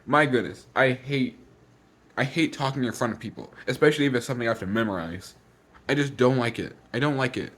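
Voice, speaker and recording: A teenage boy ranting in a casual vlog, exasperated and repetitive, rushing his words and sounding slightly out of breath. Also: mid-range voice, a bit bright. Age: teens. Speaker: vlogger.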